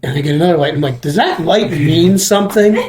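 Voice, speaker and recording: A man's voice: a little high, fast talker, reverberant, crowd noise. A man hosting a casual chat about comedy, rambling and often restarting his sentences. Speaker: comedian and podcast host.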